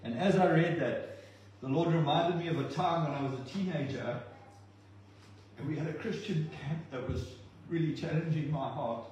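A man preaching a sermon, impassioned and at times halting and emotional. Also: on the high side, darkish tone, slight background noise. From not from New Zealand. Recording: echoey hall, distant mic, dull sound.

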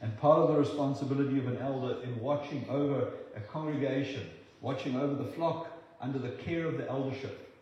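A man preaching a sermon in a strongly echoing room, his voice sitting at an ordinary middle pitch. He stumbles and repeats words as he restarts, then lifts into animated, acted-out quotes. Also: a little fast, highs cut off. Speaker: pastor.

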